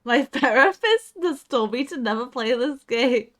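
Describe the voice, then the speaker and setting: Young woman gamer for a casual stream: high, bright, excitable and giggly. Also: unhurried. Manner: excitable, giggly, yelps when startled. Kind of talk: casual gameplay chat.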